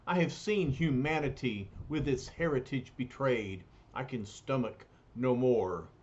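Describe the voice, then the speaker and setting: Weary noble cosmic hero done by a man, formal wording, slow delivery, muffled recording. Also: medium pitch, a little mellow, natural voice. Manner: lofty, formal, solemn speech. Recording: dull lo-fi recording.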